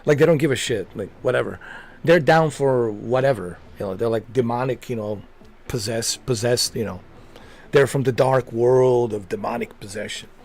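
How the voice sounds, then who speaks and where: A man's voice: mid-range voice, normal speed, darkish tone. A man streaming a game, chatting casually and rambling with lots of jokes and laughter. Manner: rambling, joking, laughs often. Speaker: gaming streamer.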